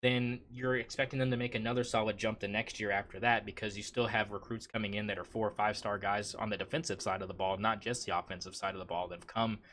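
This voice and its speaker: A man's voice: fairly low pitch, little pitch movement, fast talker, hardly any pauses, fairly bright tone, a little hiss or hum. A man hosting a casual sports podcast, talking in a rambling way with lots of "I mean" and restarts. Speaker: podcast host.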